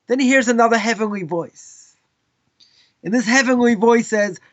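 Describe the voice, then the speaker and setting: Male rabbi, live lesson; high-pitched, casual storyteller with asides, dull lo-fi recording. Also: moderate pace, long pauses. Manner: casual, animated, with frequent asides. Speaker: rabbi teaching a class.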